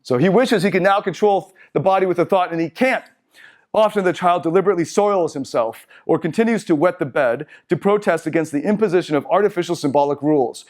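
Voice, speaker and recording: In a meeting room, a man lectures a group from slides, reading passages aloud and then riffing casually on them with asides. His voice is high-pitched, fast and a little mellow.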